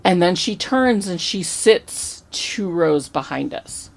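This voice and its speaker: This is a woman co-hosting a relaxed podcast, spinning an anecdote with lots of energy and the odd swear word. Her voice sits on the low side and has a gravelly, fry-edged texture. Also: slow. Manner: animated, chatty, swears casually. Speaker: podcast co-host. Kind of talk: casual podcast storytelling.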